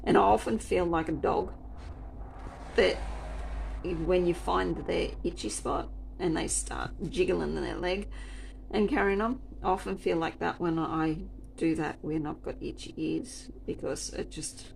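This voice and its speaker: Woman server rambling through a story, wry and chatty, bit of gravel in her voice, faint hum behind. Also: lowish voice, unhurried, darkish tone. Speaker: restaurant server. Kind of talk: casual storytelling chat.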